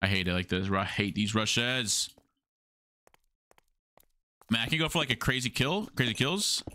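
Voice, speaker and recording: A man's voice: medium pitch, lively intonation, measured pace, bright, forceful tone. A young man livestreaming a game, chatting casually with his viewers in slang and humming to himself. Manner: slangy, talks to chat, hums to himself.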